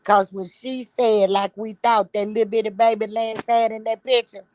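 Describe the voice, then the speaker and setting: A woman's voice: fairly high pitch, level tone, normal speed, a little mellow. A woman, a guest on a casual video-call chat, ranting in a blunt, sassy way.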